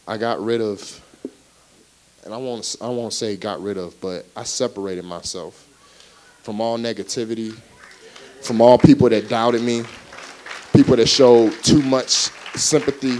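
Low-voiced young man telling his testimony. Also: normal speed. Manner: animated storytelling that acts out quoted dialogue. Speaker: guest speaker at a church. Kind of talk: personal faith testimony. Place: church service, recorded live.

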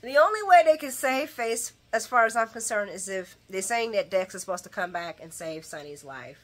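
A woman hosting a daily soap opera recap, talking straight to her viewers in an animated, opinionated way. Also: mid-range voice, moderate pace. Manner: animated and opinionated, talks to viewers as guys and y'all, acts out retorts. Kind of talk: casual chat, daily show recap.

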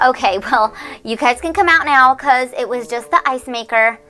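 A woman's voice: high-pitched, moderate pace, pushed and bright, faint music behind. A woman playing an exasperated teen big sister. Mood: bossy. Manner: exasperated, sing-song, scolding. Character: teen big sister babysitting, bossy but kind. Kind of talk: toy doll role-play.

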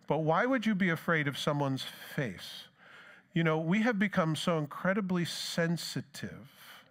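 A man's voice: fairly high pitch, lively intonation, measured pace, a bit bright. Conversational middle-aged male pastor preaching. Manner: conversational, with rhetorical questions and plain asides. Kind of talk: sermon.

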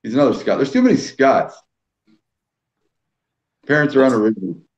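A man's voice: medium pitch, big pitch swings, normal speed, darkish tone, highs cut off. A man from Quebec hosting a casual live whisky stream, teasing his guest and calling out viewers in the chat. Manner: teasing, jokey, reads out viewer names.

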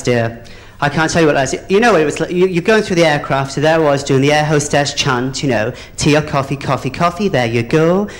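Camp bawdy drag comic. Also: male voice, fairly high pitch. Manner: camp, bawdy, chatty, calls people "dear". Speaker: drag comedian. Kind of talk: stand-up comedy. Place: theatre stage.

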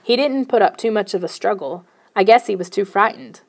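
A woman narrating a first-person children's novel in a steady storytelling manner. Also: medium pitch, a little fast. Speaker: audiobook narrator.

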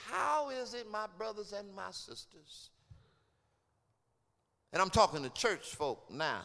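Pastor, male: slow, impassioned preacher who builds into sung shouts; lively, swooping voice in a church with a long echo. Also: creaky. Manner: drops to low, hushed tones between climaxes. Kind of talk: sermon. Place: church sanctuary. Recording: long hall reverb.

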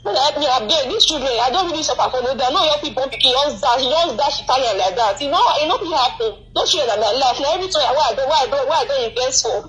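A woman's voice: sits high, lively intonation, racing, few pauses, a bit bright, a little hiss or hum, low-quality recording. A young woman from Nigeria with a Nigerian Pidgin accent, calling in and pleading in distress. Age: young adult. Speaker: caller. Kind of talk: phone call appeal.

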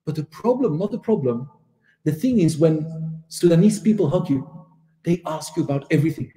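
A Belgian man in his forties giving a religious lesson, telling personal stories in a lively anecdotal way. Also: on the high side, normal speed. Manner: warm anecdotal storytelling with laughs and acted dialogue. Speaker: Islamic teacher. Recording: echoey hall.

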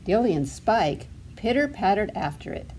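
A woman's voice: medium pitch, very animated, moderate pace, darkish tone, a little hiss or hum. A woman librarian reading a storybook aloud to toddlers in a sing-song way, asking the children questions as she goes.

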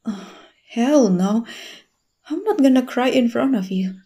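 A woman voice actor playing a guarded, lonely young woman in an audio role-play, talking softly and hesitantly with frequent stammers. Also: a little high, lively intonation, unhurried. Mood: resisting. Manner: hesitant, stammering, soft-spoken.

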